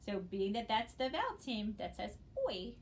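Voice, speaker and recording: Woman teacher, mid-pitched voice, patient phonics lesson, letters spelled out slowly, faint hiss behind. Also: lively intonation. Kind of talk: recorded phonics lesson for students.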